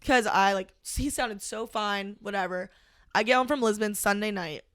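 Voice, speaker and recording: A young woman, a podcast guest, recounting a personal story in casual conversation, halting and full of "like". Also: mid-range voice, fairly bright tone, dry recording, studio quality. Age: young adult. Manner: halting, heavy use of "like", emotional retelling.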